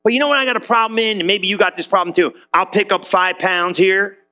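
A man preaching a sermon to his congregation in a chatty, animated way, acting out little quoted exchanges. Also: sits high, quick pace. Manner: conversational, animated, acts out quotes. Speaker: pastor. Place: church in front of congregation.

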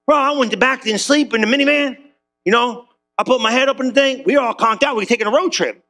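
High, gravelly, animated preaching man. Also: moderate pace. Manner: animated, slangy, acts out dialogue with big pitch jumps. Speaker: pastor. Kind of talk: comedic storytelling sermon.

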